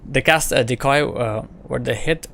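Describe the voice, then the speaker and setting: A man streams a game and chats with his viewers. His voice sits at an ordinary middle pitch. He rambles, repeats phrases and fills the gaps with filler words. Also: normal speed, gravelly, fairly bright tone, slight background noise. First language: French. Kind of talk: casual stream chat with viewers.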